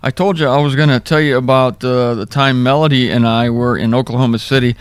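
A man's voice: medium pitch, fairly even intonation, a little fast, clear, resonant tone, no echo. A middle-aged man hosting a daily Bible talk, telling stories with humor and mocking asides in a conversational sermon style.

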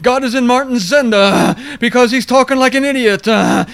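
A man's voice: very high voice, normal speed, vocal fry, a bit bright, clear, resonant tone, voice pushed up, exaggerated voice. A man putting on an overblown, self-important preacher voice, mocking its exaggerated preacher cadence.

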